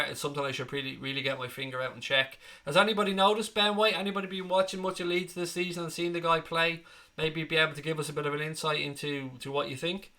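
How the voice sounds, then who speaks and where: His voice is a little high, pushed and bright: a man in his thirties from Ireland hosting a live football fan stream. Blunt and chatty, he swears freely while reading out comments from viewers.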